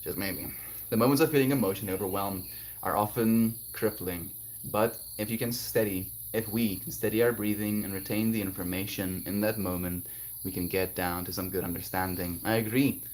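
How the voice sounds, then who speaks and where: Man streamer, gentle and spiritual, lowish voice, faint crickets behind. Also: fairly even intonation, normal speed, a little hiss or hum. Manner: gentle, spiritual, affectionate, breaks into high laughing bits. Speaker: livestreamer. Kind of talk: casual chat reading viewer comments.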